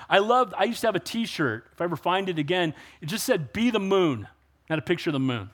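A man's voice: sits high, expressive, fairly quick. A man preaching a sermon in an emphatic way, often calling out for an amen. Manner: emphatic, rising to loud exclamations and call-and-response. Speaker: pastor.

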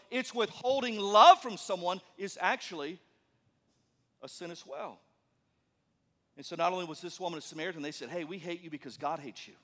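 A man preaching a sermon as a pastor, animated, acting out the voices of the people he quotes. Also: high-pitched, long reverb tail.

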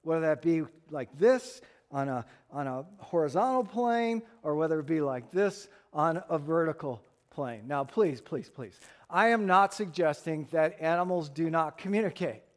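A middle-aged man preaching a sermon as pastor, animated and playful, acting out little scenes for humor. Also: fairly high pitch, normal speed, few pauses. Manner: animated storyteller, acts out voices for humor.

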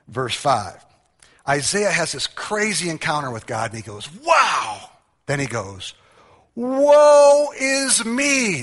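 A male pastor with a bright, fairly high voice delivers an animated sermon. He reads scripture in a hushed tone, then rises to loud, playful calls to the crowd. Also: in a large hall.

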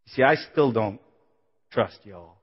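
A man delivers an emotional testimony as a sermon in a sanctuary, unhurried and animated, with a breathy edge. He builds to loud, pleading highs before sinking back almost to a whisper. A long reverb tail fills the big hall, and the audio is dull and muffled.

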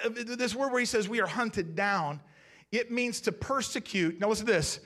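A man's voice: high-pitched, fairly bright tone. A man preaching a sermon as pastor, talking conversationally and asking the congregation questions.

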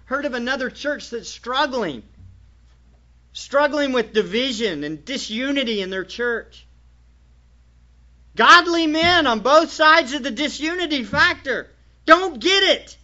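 A man's voice: very high-pitched, expressive, measured pace, sharp tone. A man preaching a sermon as pastor, emphatic and full of rhetorical questions to his congregation. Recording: dull lo-fi church recording.

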